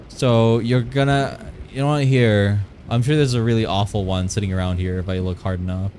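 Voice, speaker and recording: A man's voice: medium pitch, normal speed, few pauses, slight background noise. A man streaming live, chatting playfully with his viewers and rambling while he draws. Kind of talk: casual live-stream chat while drawing.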